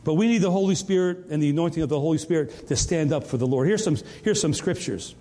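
A man's voice: fairly high pitch, fast, few pauses, warm tone. An older man preaching a sermon, telling his own story and often stammering and repeating words. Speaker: pastor. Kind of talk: sermon with personal testimony. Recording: long reverb of a church hall.

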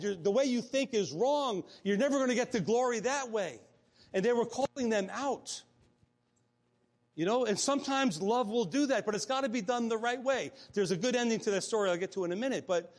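A man preaching a conversational sermon, often restarting phrases and acting out quotes. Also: high-pitched. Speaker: pastor.

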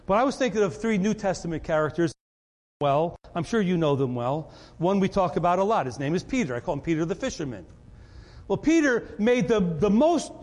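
A male pastor delivers an animated, conversational sermon and often stumbles over repeated words. His voice sits high for a man. It rings out in a church hall with a long reverb.

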